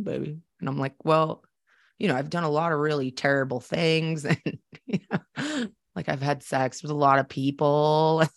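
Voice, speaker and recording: A woman's voice: extremely low pitch, creaky, dry recording. A woman from Boston, a podcast host, telling a personal story in a candid, chatty way and acting out the dialogue.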